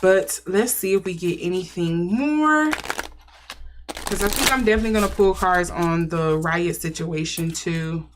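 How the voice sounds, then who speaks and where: A woman's voice: fairly low pitch, a little slow, background noise. A woman giving a casual intuitive tarot reading, musing and thinking aloud as she speculates. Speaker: tarot reader.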